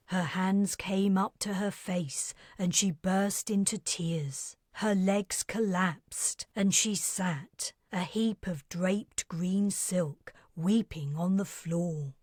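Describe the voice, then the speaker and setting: Slow, soft-spoken woman narrator. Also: fairly low pitch, no echo, studio quality. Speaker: author and narrator. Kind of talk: scripted audiobook narration.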